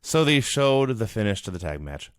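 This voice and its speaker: A man co-hosting a casual chat, retelling events with big swings in pitch. He jumps into loud shouted quotes mid-story. The sound is dry and close. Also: very animated, normal speed, clear, resonant tone, no room sound. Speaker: podcast co-host. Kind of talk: casual chat recapping old wrestling.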